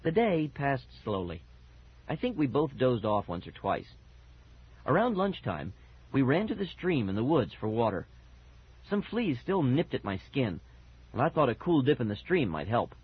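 A man narrating a children's storybook with a lively, expressive reading. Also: mid-range voice, moderate pace, breathy edge. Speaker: audiobook narrator. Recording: dull lo-fi recording.

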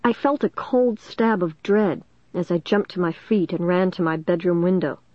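A woman's voice: on the low side, normal speed, no echo. Woman narrating a spooky teen story. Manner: steady, suspenseful reading. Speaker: audiobook narrator. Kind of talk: first-person storybook narration. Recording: dull dry lo-fi recording.

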